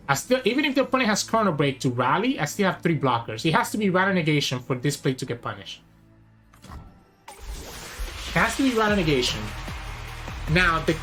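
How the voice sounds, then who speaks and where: A man narrating his own card game matches in real time, talking through every decision out loud. His voice rises and falls a lot, full of lively swings in pitch. Faint music plays softly underneath him. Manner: thinks aloud, weighing each play. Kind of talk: live gameplay commentary.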